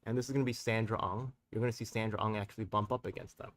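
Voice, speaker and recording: A man's voice: on the low side, steady tone, racing, distant mic. Heated, profane New man ranting. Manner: profane, heated and rambling, with street slang; talks straight to viewers with tag questions. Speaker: community activist and live-stream host. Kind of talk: live-stream commentary.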